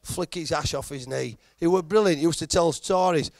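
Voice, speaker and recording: A middle-aged Yorkshire man works the room in a stand-up set, chatty and self-mocking. His voice sits a touch high for a man and has a gravelly rasp. The sound is close and dry, with no room echo. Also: moderate pace. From Halifax, England. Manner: chatty, self-deprecating, teasing the crowd. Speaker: stand-up comedian. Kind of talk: stand-up routine.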